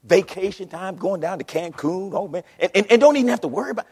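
A pastor preaching a sermon in a church, animated with call-and-response. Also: male voice, high-pitched, fast, hardly any pauses, slightly rough. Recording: long hall reverb.

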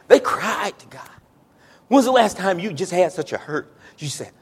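A man preaching a sermon in a church, building from low, drawn-out talk to shouted, pleading prayer. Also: big pitch swings, husky. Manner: Southern-style preaching cadence, says y'all. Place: church sanctuary. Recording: echoey church hall.

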